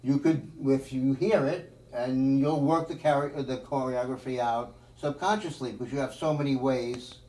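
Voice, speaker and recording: A man's voice: medium pitch, steady tone, moderate pace, few pauses, mellow. Man, drum teacher, rambling with fillers, distant mic, echoey room. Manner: rambling, thinks aloud with many fillers. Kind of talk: live drum lesson.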